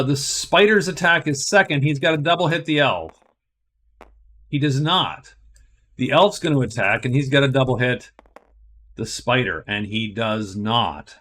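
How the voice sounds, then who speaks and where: A man's voice: medium pitch, animated, measured pace, long pauses, a bit bright. A man narrating a solo board game playthrough, thinking aloud and explaining each move step by step.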